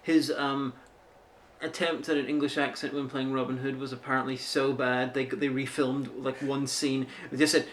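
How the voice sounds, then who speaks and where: A man's voice: mid-range voice, flat delivery, moderate pace. A man chatting casually as co-host, telling anecdotes with dry, jokey asides. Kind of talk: casual chat.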